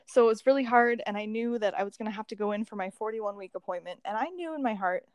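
A woman guest telling a personal story in a casual, expressive way, often laughing and acting out what others said. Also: mid-range voice, fast talker, clear, resonant tone, no room sound, clean studio sound. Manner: expressive, laughs often, acts out quoted dialogue. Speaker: podcast guest.

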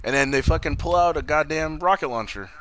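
A man's voice: fairly high pitch, a little fast, a bit bright, slight background noise. A man co-hosting a casual movie review chat, loosely retelling scenes, swearing often and acting out quotes. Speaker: podcast co-host.

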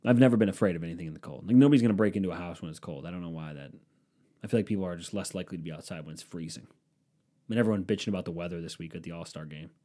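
A man's voice: low-pitched, racing, mellow. A man from the Cleveland area riffing in a casual, profane, sarcastic monologue. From Cleveland, Ohio area.

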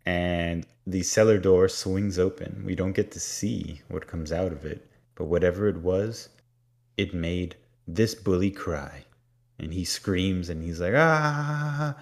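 A man co-hosting a podcast, retelling a TV episode in a lively, joking way. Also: low-pitched. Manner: animated retelling with mock voices. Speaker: podcast co-host. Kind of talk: casual recap chat.

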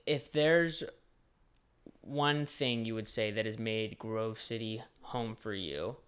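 A man's voice: on the low side, slow, fairly bright tone, clean tone. A young adult man interviewing a fellow student, rambling and searching for words with lots of "like". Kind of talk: casual interview chat.

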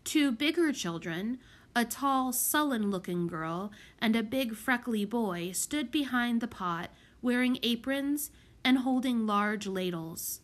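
A woman narrating a children's audiobook in an expressive, measured way. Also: on the high side. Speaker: audiobook reader.

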